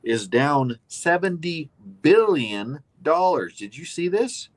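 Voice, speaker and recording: A man's voice: a little high, very animated, slow. A man co-hosting a casual political chat show, emphatic and opinionated, rambling with restarts. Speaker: co-host.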